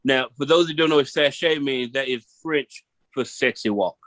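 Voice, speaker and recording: A man from Memphis, performing a seated stand-up comedy set in an animated storytelling style and repeating punchlines for emphasis. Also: mid-range voice, normal speed, no echo. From Memphis, Tennessee.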